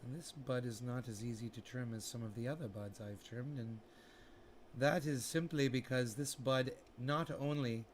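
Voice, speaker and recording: A man hosting a casual livestream, using an affected, proper English-sounding persona. He talks in a theatrical, self-mocking way, narrating his own work and chiding a quiet chat with drawn-out repetitions. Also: mid-range voice, steady tone, a little hiss or hum. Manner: drawn-out repetitions and mock indignation. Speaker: livestream host.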